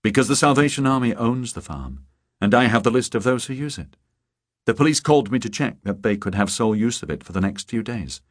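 A man reading the lines of a composed young woman who speaks calmly and steadily, in an audiobook. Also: mid-range voice, fairly quick, no room sound, clean studio sound, lightly acted.

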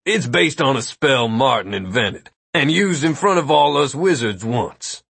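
Smug, teasing male wizard, voiced by a male narrator; husky, dry, a touch above his normal pitch. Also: lively intonation, unhurried, fairly bright tone, no room sound, heavily acted. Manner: lecturing, teasing.

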